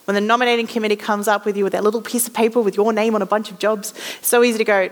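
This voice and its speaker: A guest preacher delivers a conversational sermon in a reverberant hall, telling stories and acting out little voices. Her mid-range voice is flat in delivery, and she talks very fast with few pauses.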